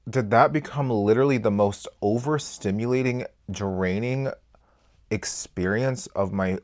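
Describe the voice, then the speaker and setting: A man chatting candidly to camera as a beauty vlogger while doing his makeup, swearing freely and swinging between loud outbursts and quiet asides. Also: on the low side, unhurried. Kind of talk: casual get-ready-with-me chat.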